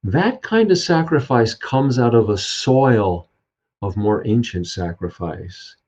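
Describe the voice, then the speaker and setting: A man's voice: mid-range voice, lively intonation, slow pace, a little mellow, breathy edge. A man telling an old folk tale and reflecting on it, speaking unhurriedly with many fillers and restarts. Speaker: storyteller and speaker. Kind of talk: reflective spiritual talk. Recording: dull lo-fi sound.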